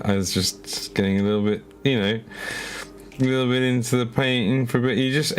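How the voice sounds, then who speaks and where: A man painting miniatures live on stream, chatting casually with his viewers in a rambling, self-mocking way with stammered repeats. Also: sits low.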